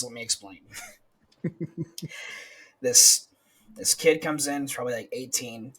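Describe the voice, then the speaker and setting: Man, young, husky voice, casual profane storyteller. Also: on the high side, measured pace, long pauses, a bit bright, low-quality recording. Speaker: podcast co-host, corrections officer.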